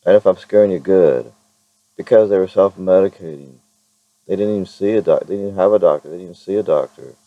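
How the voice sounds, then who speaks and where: A man with a very low voice chats loosely to his camera, circling back and restarting his sentences. The sound is dry and a little dull, like a built-in camera mic. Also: fairly quick, no room sound. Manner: rambling, self-interrupting, chuckles often. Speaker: vlogger. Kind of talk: casual vlog talk to camera.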